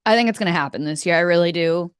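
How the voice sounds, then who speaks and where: A woman co-hosting a casual sports podcast, teasing her partner in a dry, deadpan way. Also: lowish voice, rapid-fire, clear, resonant tone, no echo. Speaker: podcast co-host.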